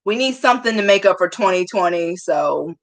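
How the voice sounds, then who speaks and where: A woman's voice: fairly low pitch, animated, fairly quick. A young woman chatting casually to her viewers, self-mocking and often laughing. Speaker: vlogger.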